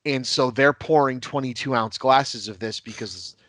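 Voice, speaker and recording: A man's voice: medium pitch, moderate pace, a bit bright, dry recording. A man who is a podcast guest telling rambling, casual anecdotes and laughing at his own stories.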